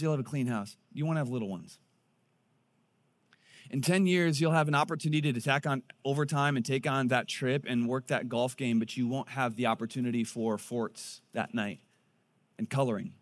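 A man in his thirties preaching a sermon in a conversational, animated way. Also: mid-range voice. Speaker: pastor.

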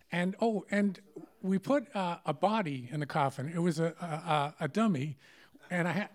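A middle-aged man telling a story to a live audience, conversational and wry, amused at himself. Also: a little high.

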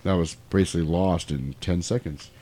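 A man's voice: low voice, a little fast, mellow. A man recapping a movie in casual chat, breaking into exaggerated character voices and laughing as he goes. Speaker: podcast co-host recapping a movie.

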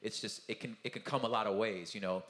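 A man's voice: lowish voice, fast talker. A man speaking at a conference talkback in a loose, rambling style. He keeps adding "you know what I'm saying" and acts out the people he quotes. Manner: animated storyteller who acts out the people he quotes. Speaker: touring Christian music artist at a conference talkback. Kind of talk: casual conversational talkback. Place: event hall. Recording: roomy event hall sound.

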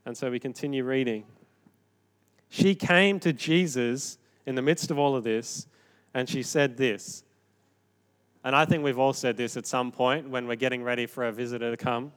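A man delivers a sermon in an easy, conversational way. His voice sits at a middle pitch, and he moves from hushed, reflective moments to firm, emphatic points. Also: normal speed, clean tone. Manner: conversational, animated, shifting from quiet to emphatic. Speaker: pastor.

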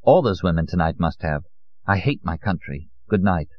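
A man's voice: sits low, expressive, normal speed, dry recording, dull audio. A man voicing an ashamed, bitter young woman in an audiobook reading, speaking with anguish. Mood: weary.

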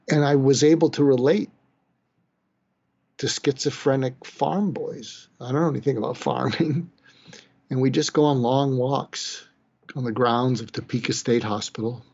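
Older man telling a halting personal story. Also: medium pitch, slightly rough, muffled recording. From Boston, East Coast US. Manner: halting, pauses and restarts, sighs, quiet when moved. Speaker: psychiatrist telling his story. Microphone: webcam or video call.

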